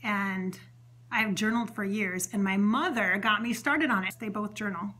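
A woman's voice: mid-range voice, moderate pace, pushed and bright. A woman hosting a channeling video, talking in a chatty, rambling way with many fillers and restarts, earnest as she relays a spirit's words. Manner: earnest and emotional, relaying what a spirit says. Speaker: psychic medium host. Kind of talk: spontaneous channeling session monologue.

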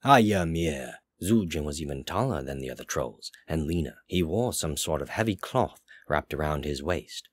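A man narrating a fantasy story aloud in a slow, measured way. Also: extremely low pitch, lively intonation, slightly rough, no echo. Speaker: story reader. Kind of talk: audiobook narration.

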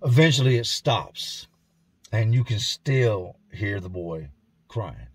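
A man telling a grim first-person story in a somber, intense way, often dropping to a hush, recorded indoors at home. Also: lowish voice, big pitch swings, takes it slowly, slightly rough, no echo. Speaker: storyteller and channel host.

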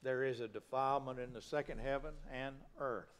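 A man's voice: medium pitch, steady tone, fairly quick, clear, resonant tone. A male pastor preaching a sermon in a folksy, plain-spoken way, asking the congregation rhetorical questions.

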